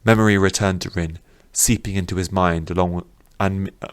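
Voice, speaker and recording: A man narrating a fantasy audiobook in a measured, even manner. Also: deep voice, smooth, no echo.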